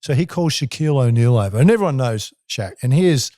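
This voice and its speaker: A man in his sixties with an Australian accent tells vivid, colourful stories as a podcast guest. His voice is mellow and relaxed. It is recorded dry and close on a studio mic. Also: mid-range voice, quick pace, no echo. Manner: animated, colourful storyteller. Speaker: guest, former basketball player. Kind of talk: storytelling in a podcast interview.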